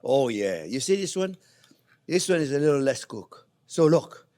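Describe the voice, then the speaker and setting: Male chef, animated sing-song pitch, fairly high voice, effusive, murmurs softly to the food. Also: normal speed. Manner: effusive, croons "oh yeah, baby" to the food; often drops to soft murmurs over the dish. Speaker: cooking show host. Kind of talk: casual cooking demonstration.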